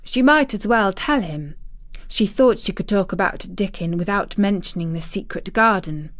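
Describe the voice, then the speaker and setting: A woman reading a classic novel aloud as scripted narration, in a measured, even way. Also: mid-range voice, dry recording. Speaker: audiobook reader.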